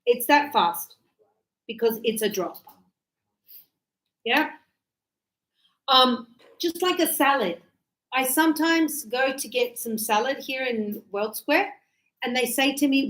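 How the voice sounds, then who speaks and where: Chatty woman teaching English, high pitch, roomy echo. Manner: lively, chatty, acts out everyday dialogues. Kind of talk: classroom English lesson. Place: classroom.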